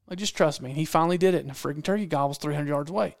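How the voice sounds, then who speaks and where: A man's voice: on the high side, quick pace, gravelly, hardly any pauses, a little mellow, no room sound, clean studio sound. A man telling a hunting story in casual talk, acting out quotes and repeating phrases for effect. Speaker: podcast guest storyteller, hunting videographer.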